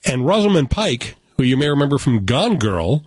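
A man's voice: mid-range voice, sing-song, moderate pace, darkish tone, husky, no room sound. A man from the United States giving a casual, opinionated film review with joking asides. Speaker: film critic.

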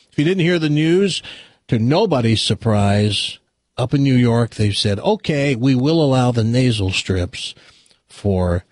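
A man's voice: mid-range voice, dry recording. A male radio host chatting casually, a rambling storyteller in the studio.

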